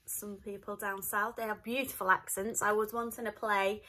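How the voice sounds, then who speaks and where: A woman's voice: medium pitch, little pitch movement, normal speed, sharp tone. A woman with a Northern English accent chatting casually to camera at home, cheerful and rambling with lots of asides. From north of England. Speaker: vlogger.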